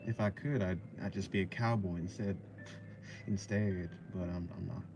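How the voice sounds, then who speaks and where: A young man streaming his drawing, chatting casually with his viewers in a rambling, hesitant way full of fillers and soft laughs. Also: low-pitched, steady tone, moderate pace, noisy background. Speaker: art streamer. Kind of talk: casual chat answering a live chat.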